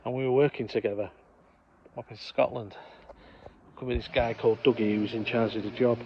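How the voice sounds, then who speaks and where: This vlog co-host has a medium-pitched, fairly even voice and speaks fairly quickly, swapping funny childhood stories outside on a hot, sunny day and laughing along at his own tales. The casual storytelling is captured in slightly dull lo-fi audio, with a noisy background and faint ambience.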